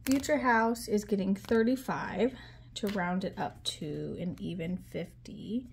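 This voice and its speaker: A woman chats casually with her viewers as she counts out cash, mid-pitched and easygoing. She fills pauses with ums and reels off numbers aloud. A faint hiss sits under the voice. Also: creaky. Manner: chatty, counts money aloud, frequent ums. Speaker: budgeting vlogger.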